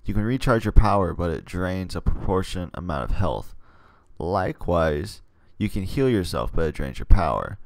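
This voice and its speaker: A man with a very deep, gravelly voice reads a text adventure aloud and muses over his stats between passages. He rambles and hesitates in his asides. The desk mic sounds dry and close. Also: lively intonation, moderate pace, no room sound. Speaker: gamer reading a text game aloud. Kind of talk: casual let's play commentary and reading.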